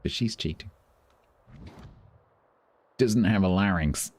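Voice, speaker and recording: A man's voice: low-pitched, slow pace, darkish tone. A man chatting casually while streaming a naval battle game, playful and self-mocking as he jokes with his viewers. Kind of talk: casual gaming stream commentary.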